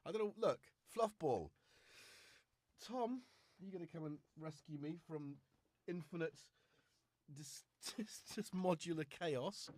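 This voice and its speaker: A man's voice: fairly high pitch, expressive, unhurried, pauses often, a little mellow, a little hiss or hum. A man with a Liverpool-tinged British accent, full of cold, chatting and rambling on a casual live stream from his home studio. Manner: chatty, rambling, self-mocking. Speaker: livestream host.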